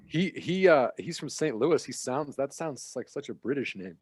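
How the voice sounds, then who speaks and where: A man's voice: medium pitch, moderate pace, husky, no echo. A man, a guest comedian on a podcast, telling stories in casual chat and acting out what others said with laughs. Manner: animated storyteller, acts out quoted lines, laughs while talking. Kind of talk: casual interview chat, storytelling.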